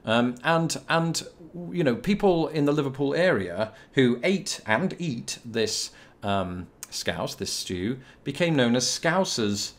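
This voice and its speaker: A man's voice: mid-range voice, animated, slow. A young British man with a British English accent, hosting a casual video Q&A and answering viewer questions in a chatty, rambling way with dry, self-mocking humour. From Britain. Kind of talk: casual to-camera Q&A.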